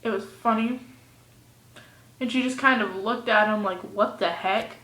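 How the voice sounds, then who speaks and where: A teenage girl vlogging casually, rambling in a goofy way and swinging between mumbles and loud outbursts, recorded on a phone or webcam at home. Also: on the high side, fairly even intonation, moderate pace. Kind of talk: casual vlog rant. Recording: echoey room.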